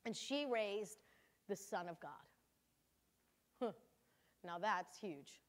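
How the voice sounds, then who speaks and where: A woman's voice: medium pitch, expressive, takes it slowly. An older woman, a grandmother, giving a reflective devotional talk to mothers and laughing easily as she speaks.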